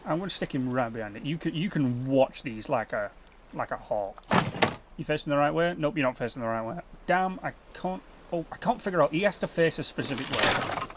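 A man's voice: on the high side, expressive, brisk, heavy background noise. A young man hosting a gaming channel, chatting casually and swearing freely at the viewers and in-game creatures. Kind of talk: casual let's-play commentary.

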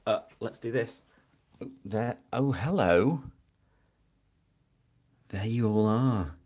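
A man's voice: fairly low pitch, little pitch movement, takes it slowly, darkish tone. Casual male stream host, phone-recorded, talkative and joking. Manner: chatty, joking asides to viewers. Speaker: hypnotist livestream host. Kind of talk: casual live-stream chat. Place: flat indoors. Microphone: phone camera.

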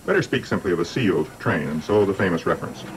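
An older man presenting a documentary in measured, scripted narration with dry, wry asides. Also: sits low, lively intonation, noisy background.

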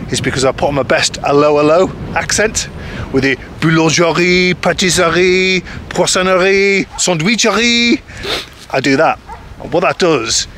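A man chatting to camera in a casual, rambling, self-deprecating way, with lots of ums, as an expat vlogger. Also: medium pitch. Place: outdoors in a village. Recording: outdoor noise with passing traffic.

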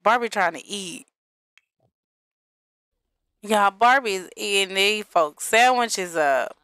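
Young woman, game commentary host, sassy and chatty, smooth clear voice, dry close sound. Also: medium pitch, slow pace, a bit bright, dry recording. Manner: chatty, sassy, talks to viewers as y'all. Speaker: gaming video host.

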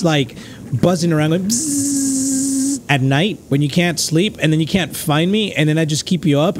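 Man, gamer, let's play commentary, crude jokes, excitable, very animated pitch, slightly high voice. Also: slight background noise.

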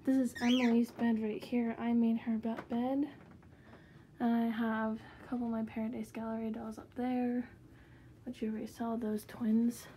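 A woman's voice: on the high side, level tone, moderate pace, mellow, a little hiss or hum. A woman casually showing her doll collection in her bedroom, chatty and rambling with frequent fillers. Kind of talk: casual room tour vlog.

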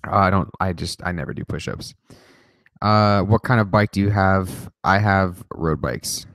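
A man with a somewhat low voice runs a casual livestream and fires off answers to viewer questions. He jokes, swears freely and rambles between answers. The sound is close and dry, with no room echo. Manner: joking, profane, rambling. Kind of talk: casual rapid-fire Q&A livestream.

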